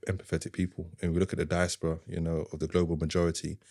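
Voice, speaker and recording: A middle-aged man talks as a podcast guest, his voice sitting very low. He tells a personal story with earnest, heartfelt feeling and acts out the things people said to him. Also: flat delivery, rapid-fire, creaky, mellow, no echo, clean studio sound. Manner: earnest, heartfelt, often retells dialogue.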